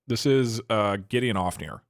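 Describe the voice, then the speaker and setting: Animated male streamer thinking aloud. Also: fairly low pitch, moderate pace, dry recording, studio quality. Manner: rambling, thinking aloud with restarts. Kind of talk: casual live-stream chat.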